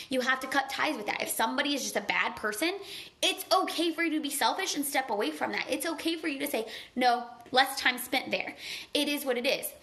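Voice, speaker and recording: A motivational speaker with a high, pushed and bright voice gives an earnest, conversational talk on a live stream. She gushes and chats, packs her speech with "like," and becomes tearful at times.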